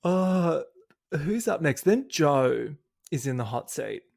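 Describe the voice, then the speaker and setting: Gravelly, upbeat Australian man. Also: on the high side. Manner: bubbly and energetic, quick to laugh. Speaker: podcast host. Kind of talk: casual chat recapping a reality show.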